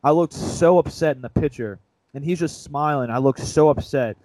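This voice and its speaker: A man's voice: a little high, moderate pace, no echo, low-quality recording. Rambling young man telling a story. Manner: rambling, self-mocking, animated retelling. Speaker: podcast co-host. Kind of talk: casual storytelling chat.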